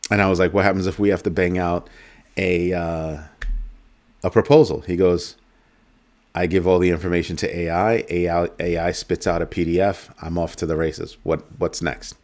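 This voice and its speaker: A man's voice: sits low, little pitch movement, normal speed, a little mellow. A man hosting a casual talk show, telling a story and mimicking a coworker with emphatic asides. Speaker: host. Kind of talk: casual chat.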